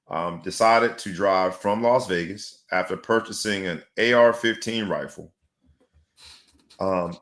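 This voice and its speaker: A man's voice: low voice, a bit bright. A man hosting a sports talk show, theatrical and rhyming with big swings in emphasis. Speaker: host. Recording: echoey room.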